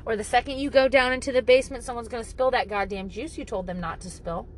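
Mom vlogger, high bouncy voice, swears freely, faint hum behind her. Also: fast talker, low-quality recording. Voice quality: blunt and profane, jokingly exaggerated. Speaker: parent giving parenting advice. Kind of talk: casual monologue to camera.

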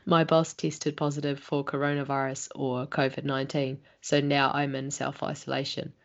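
Low-voiced upbeat woman host. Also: flat delivery, normal speed, vocal fry, dull audio. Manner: upbeat, giggly. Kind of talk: casual online interview.

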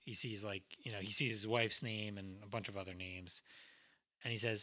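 A man's voice: lowish voice, moderate pace. A young man co-hosting a podcast, joking and swearing as he talks through a movie. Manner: joking, profane, animated storytelling. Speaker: podcast co-host. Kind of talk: casual movie chat.

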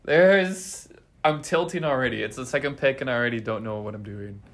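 A young man co-hosting a casual podcast chat, playful and animated, thinking out loud. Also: medium pitch, brisk. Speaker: podcast co-host, resident assistant.

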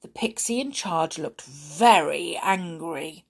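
Slow, expressive woman reading aloud. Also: sits low, gravelly, breathy edge. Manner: slow, expressive, talking to a child listener. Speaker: storyteller. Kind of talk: reading a children's storybook aloud.

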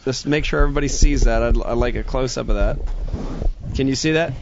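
Animated guy hosting a fishing show, jokey, a bit muffled w/ faint clicks. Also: mid-range voice, fast talker, creaky, noisy background. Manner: animated, joking, swears. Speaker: host. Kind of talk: live show chat.

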